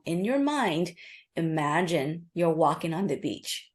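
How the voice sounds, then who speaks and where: A woman being interviewed as an author and nurse practitioner, explaining a calming method in a quick, earnest, instructive way. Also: lowish voice. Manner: acts out inner voices in quoted asides.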